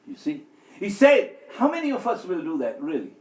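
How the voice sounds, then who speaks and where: A man giving a sermon and telling stories, acting out the quoted speech with big swings in pitch and loudness. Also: very animated, moderate pace. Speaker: speaker at an Islamic center. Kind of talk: sermon with storytelling. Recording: echoey hall.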